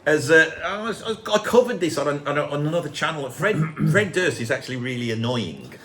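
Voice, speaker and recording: A man from England hosting a casual chat show, animated, jokey and rambling. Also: a little high, normal speed. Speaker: host.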